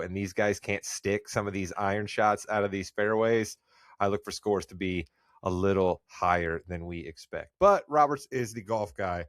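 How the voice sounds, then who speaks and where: A man's voice: mid-range voice, dry recording, clean studio sound. A man hosting a sports podcast in casual chat, upbeat and rambling at times. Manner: upbeat, loses his train of thought. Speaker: podcast host.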